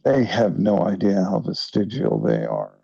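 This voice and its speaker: Gravelly tired man in casual chat. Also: low-pitched, big pitch swings, a little slow, dark tone, dry recording, highs cut off. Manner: rambling, profane, jokey asides. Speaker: guest.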